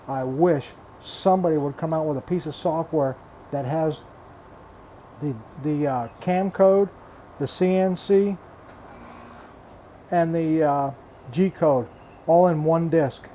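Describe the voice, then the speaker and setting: Speaking a little slowly and pausing often, an older reef aquarium vlogger rants in casual frustration, blunt and exasperated, swearing freely, restarting phrases and repeating himself. His warm voice runs on the high side, with slight background noise.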